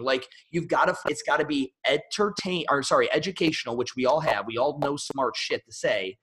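A man with a somewhat high-pitched voice hosting a casual podcast conversation. He is blunt and opinionated, and his talk is full of swearing. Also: normal speed, hardly any pauses, fairly bright tone, poor audio.

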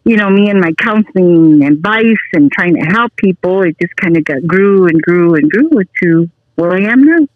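A woman's voice: on the low side, lively intonation, moderate pace, few pauses, no echo, narrow, tinny audio. A woman in her forties, a guest telling stories in a casual chat and laughing easily. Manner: chatty storyteller, laughs easily.

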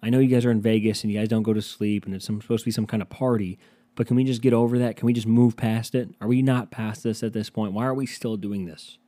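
A man's voice: fairly low pitch, steady tone, fast talker, mellow. A man hosting a casual solo podcast, rambling and sarcastic with plenty of swearing. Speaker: podcast host.

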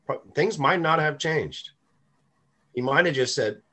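A man's voice: fairly high pitch, animated, measured pace, pushed and bright. A man co-hosting a podcast, affirming and encouraging in casual chat. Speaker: podcast co-host.

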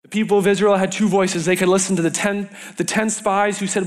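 A young man delivers a sermon to a young adult group. His voice sits slightly high, and he acts out the lines he quotes as he tells his stories. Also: steady tone, brisk, hardly any pauses.

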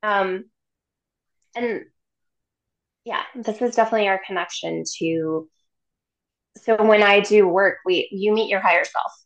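A woman's voice: mid-range voice, a little slow, long pauses, muffled recording. A woman guest on a podcast, chatting casually and animatedly about chakras, acting out voices and laughing often. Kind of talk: casual chat.

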